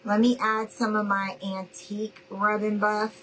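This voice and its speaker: A woman's voice: medium pitch, level tone, a little slow, background noise. Chatty New woman crafting. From New Orleans, Louisiana. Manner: chatty, affectionate, calls viewers y'all and honey. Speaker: craft livestream host. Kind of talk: casual livestream chat while crafting.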